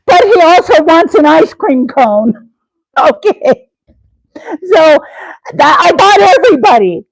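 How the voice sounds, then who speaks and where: Woman live stream host, high and unhurried, giggly, chatty with viewers, dry close sound. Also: big pitch swings, no room sound, low-quality recording. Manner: giggly, addresses chat viewers by name. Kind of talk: rambling comedic live chat.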